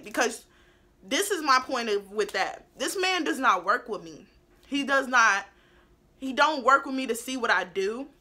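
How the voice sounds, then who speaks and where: A young woman, a beauty vlogger, tells a story in a casual, animated and blunt way with lots of swearing. Her voice sinks into low asides and rises into loud outbursts.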